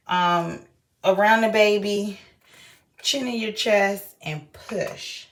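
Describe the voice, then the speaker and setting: A young woman vlogging, telling a story in a lively way and acting out everyone's lines. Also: mid-range voice, takes it slowly. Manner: animated retelling, acting out quoted voices. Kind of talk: casual storytelling vlog.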